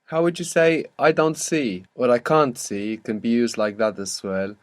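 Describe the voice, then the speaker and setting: A man's voice: medium pitch, steady tone, normal speed. A man teaching a language lesson, patiently prompting his student with questions and repeating the answers.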